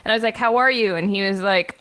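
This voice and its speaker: Woman podcast co-host, young adult, lively anecdote-teller full of fillers. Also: mid-range voice, fast talker, clear, resonant tone. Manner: animated, laughing storyteller with many fillers. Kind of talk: casual storytelling chat.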